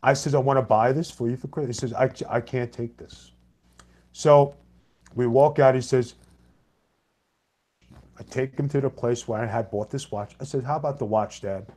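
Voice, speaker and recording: A man's voice: mid-range voice, steady tone, normal speed, pauses often, a little mellow. Plain-spoken middle-aged man telling stories. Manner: plain-spoken, blunt, with mild cursing; acts out both sides of the dialogue in his own voice. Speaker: former pro wrestler and co-host. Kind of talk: casual anecdote telling.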